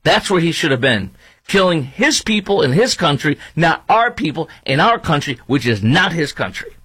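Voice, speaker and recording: A man's voice: fairly high pitch, sing-song, moderate pace, fairly bright tone, husky, no echo, poor audio. A man hosting talk radio, delivering an indignant, ranting monologue with lots of repetition and fillers.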